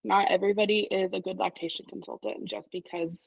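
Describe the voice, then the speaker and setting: A woman, a mother and former client, speaking heartfelt as a podcast guest and often murmuring soft agreement. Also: mid-range voice, level tone, brisk, vocal fry, breathy edge, no echo, highs cut off. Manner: heartfelt, frequent soft affirmations. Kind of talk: casual podcast conversation.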